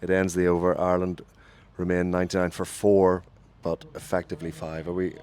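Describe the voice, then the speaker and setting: A man leading a radio cricket broadcast from a commentary booth, calling each ball in a lively way and correcting himself as he goes. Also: low voice, a little fast, smooth.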